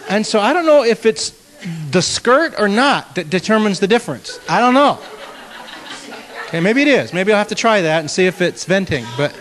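Earnest pastor, high-ish voice, echoing hall. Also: male voice, normal speed, slight background noise. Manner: earnest, animated storytelling with self-mocking humor. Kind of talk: conversational teaching talk to a group. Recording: long hall reverb.

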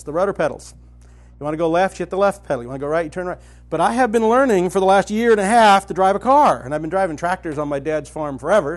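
Male retreat speaker, fairly high-pitched, animated storyteller, casual. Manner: storytelling, animated, talks to the room directly. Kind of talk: conversational teaching talk. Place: meeting room with a live audience.

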